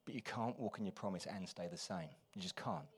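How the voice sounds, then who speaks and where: A man preaching a sermon, moving between quiet, confiding asides and loud, urgent exhortation. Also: deep voice, fairly quick, slightly rough. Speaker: pastor.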